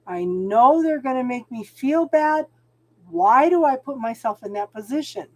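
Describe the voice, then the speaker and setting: A woman's voice: high-pitched, animated, a little slow. A middle-aged woman hosting a spiritual channel, chatting casually on a livestream and talking to viewers by name.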